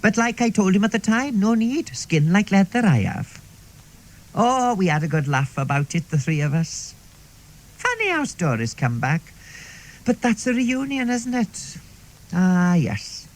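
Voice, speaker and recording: A man's voice: sits high, sing-song, unhurried, poor audio. A man playing a chatty, middle-aged Welsh woman in a radio comedy monologue, who tells rambling stories sprinkled with "like" and "see". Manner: rambling, confiding, peppered with "like" and "see".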